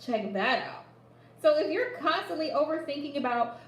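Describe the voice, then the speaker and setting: A woman's voice: high voice, lively intonation, measured pace, slight background noise. A woman giving a live psychic reading, speaking straight to the listener and repeating phrases for emphasis. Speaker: psychic reader. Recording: echoey room.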